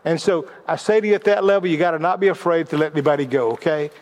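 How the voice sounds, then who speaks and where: A middle-aged man with a notably high, slightly mellow voice speaks very fast, giving a sermon-style lesson on leadership. He tells personal stories in a narrative flow, often stumbling over words and repeating them as he restarts.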